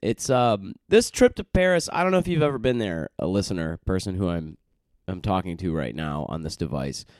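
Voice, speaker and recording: Low, smooth-voiced podcast host. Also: male voice, animated, brisk, darkish tone, dry recording, studio quality. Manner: loose and chatty, with many fillers and self-corrections. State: recovering from a cold and jet lag. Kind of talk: casual rambling monologue.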